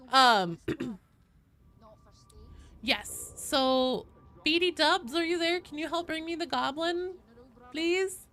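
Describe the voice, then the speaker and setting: With a high, bright and forceful voice, a young woman plays a game on stream from her home office, door shut. She chats casually with her audience and her cat and reads the queue aloud.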